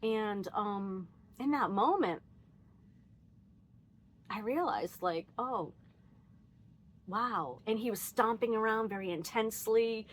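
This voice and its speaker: Woman vlogger, mid-pitched, candid and reflective, lots of self-quoting asides. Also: slow pace, long pauses, a little hiss or hum. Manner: candid and animated, laughs often, quotes herself; frequent fillers and restarts, thinking aloud. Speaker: vlogger sharing personal reflections. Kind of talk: casual reflective monologue.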